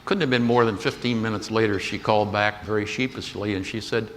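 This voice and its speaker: A man's voice: fairly low pitch, steady tone, a little fast. An older man giving a keynote talk, telling a business story in a folksy anecdotal way and acting out the dialogue. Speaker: keynote speaker. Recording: echoey hall with faint noise.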